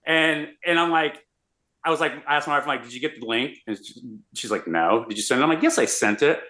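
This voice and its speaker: A man, a radio host, telling an animated story in a casual interview. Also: a little high, quick pace. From Austin, Texas. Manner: animated, excitable storyteller with many restarts.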